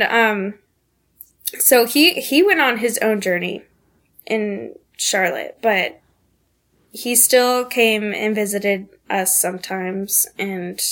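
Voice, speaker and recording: A woman in her twenties from the southeastern United States, a podcast guest sharing a candid personal story, earnest and halting, with many pauses and fillers. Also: mid-range voice, a bit bright.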